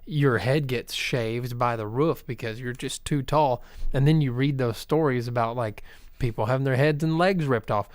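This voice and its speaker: A man co-hosting a casual movie podcast, relaxed and chatty, laughing easily. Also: fairly high pitch, no echo, clean studio sound. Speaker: podcast co-host. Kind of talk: casual chat about movies.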